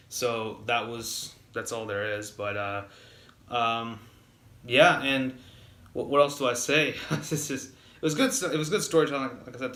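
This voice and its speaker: A man's voice: mid-range voice, sharp tone, roomy sound. A man giving a casual spoken wrestling review, rambling with lots of fillers and restarts, getting heated when annoyed.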